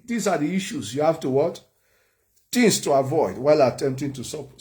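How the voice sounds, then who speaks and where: A man's voice: fairly high pitch, big pitch swings, normal speed. A Nigerian man preaching a humorous sermon, joking and laughing often. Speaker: prophet and preacher.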